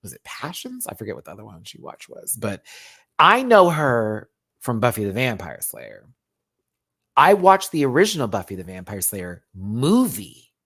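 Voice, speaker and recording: A man hosting a live-stream review, chatting casually and swinging from loud outbursts to muttered asides. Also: medium pitch, huge pitch swings, normal speed, breathy edge. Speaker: YouTube reality TV reviewer.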